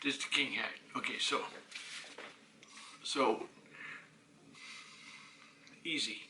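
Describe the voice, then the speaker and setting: A man's voice: mid-range voice, takes it slowly, noisy background. A man recording himself, talking in an agitated, rambling way, swearing often and restarting his sentences. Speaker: self-recording programmer. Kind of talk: rambling self-filmed monologue.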